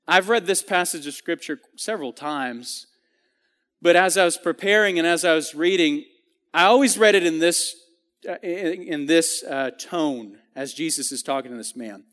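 A man's voice: fairly high pitch, normal speed, fairly bright tone, in a large hall. A man giving a sermon in a church, talking earnestly and conversationally with frequent restarts and fillers. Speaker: preacher. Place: church sanctuary.

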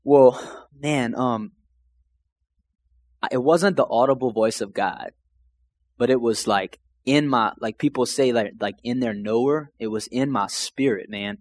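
A young man from Louisiana casually shares his faith testimony in a rambling, emotional way, peppered with "man" and "like." His mid-range voice is a little mellow and moves at a measured pace, captured in a dry recording. It's casual personal storytelling.

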